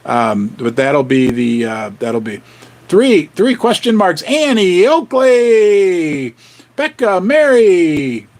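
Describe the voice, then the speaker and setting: A man hosting a casual livestream, rambling and animated as he chats with viewers. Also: high voice, slow pace. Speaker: livestream host. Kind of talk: casual livestream chat about finance.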